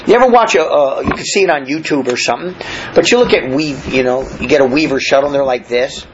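Lively, expressive male preacher. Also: fairly high pitch, fast, dull audio, slight background noise. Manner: reads scripture aloud then explains it in plain talk; frequent fillers and restarts, conversational preaching. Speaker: pastor. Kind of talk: sermon.

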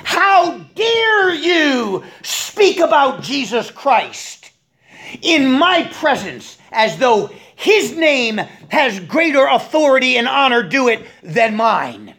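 A woman voicing a tiny, self-important female queen of the field mice who squeaks indignantly. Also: unhurried. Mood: haughty.

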